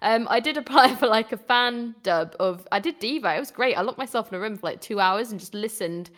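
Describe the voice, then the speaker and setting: A British woman chats on a podcast in a somewhat high voice, animated and giggly. She talks freely and laughs often as she goes. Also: brisk. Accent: British English. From Britain. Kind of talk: casual chat.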